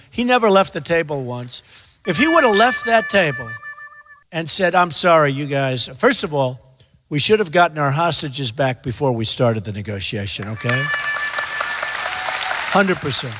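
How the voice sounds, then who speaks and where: A man's voice: on the high side, lively intonation, moderate pace, a crowd in the background. A man giving rambling, repetitive, emphatic answers as a candidate fielding questions. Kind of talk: rambling stump-speech answers. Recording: echoey hall.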